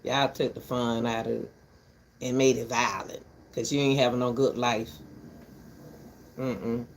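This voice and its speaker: A woman's voice: a bass voice, fairly even intonation, unhurried, a little hiss or hum. An older woman ranting casually to her viewers from her back porch, blunt and rambling, breaking into laughter often. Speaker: vlogger.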